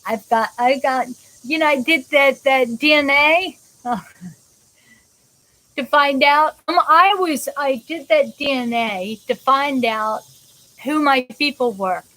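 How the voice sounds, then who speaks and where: A woman from the United States hosts a live show in a casual, rambling way, doubling back on her sentences and greeting viewers as they join. Her voice sits high. She takes her time getting to the point. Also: slow, sharp tone, low-quality recording. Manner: rambling, chatty, many restarts, greets viewers by name. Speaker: host of a live interactive show. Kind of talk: casual live-stream chat.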